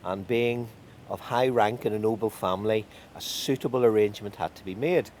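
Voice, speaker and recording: A man telling a folk tale in a lively, wry way with drawn-out emphasis. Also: fairly low pitch, a little hiss or hum. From County Tyrone. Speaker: storyteller.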